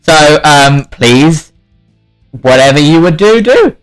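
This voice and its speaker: A man running a tabletop game as game master, animated and laughing often. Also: fairly high pitch, slow, soft background music, low-quality recording. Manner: animated, laughs often, shouts in-character lines.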